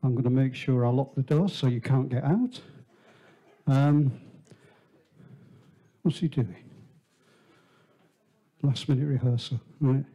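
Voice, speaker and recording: A man with a mellow, relaxed voice warms up a small theatre crowd. He chats and teases, spinning a long joke about the performer. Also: medium pitch, slow, long pauses. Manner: chatty, teasing, tells a shaggy-dog joke. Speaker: venue host introducing the performer. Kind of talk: joking live introduction. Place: small theatre, live audience.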